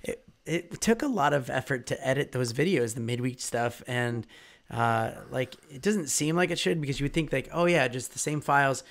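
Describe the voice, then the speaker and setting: A man co-hosting a casual live-stream chat, talking in a relaxed, rambling way. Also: medium pitch, moderate pace, gravelly. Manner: relaxed, rambling, chuckles while explaining.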